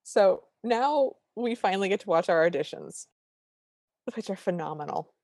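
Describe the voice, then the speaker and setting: A woman co-hosting a podcast, recapping a movie in animated casual chat and quoting the characters. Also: medium pitch, moderate pace, no echo, studio quality. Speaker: podcast co-host.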